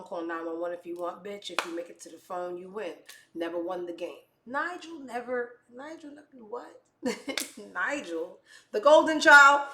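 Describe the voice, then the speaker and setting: Bright-voiced woman ranting in an echoey room. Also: mid-range voice. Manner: heated, swearing, blunt. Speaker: show host. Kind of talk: profane comedic rant commentary.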